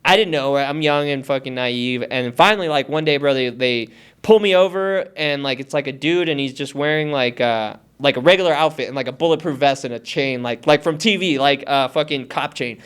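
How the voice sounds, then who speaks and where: A man's voice: medium pitch, a little fast, a bit bright, smooth. A man from Hawaii who is a podcast guest, telling stories in a casual, profane way and acting out the voices he quotes. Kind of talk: casual storytelling.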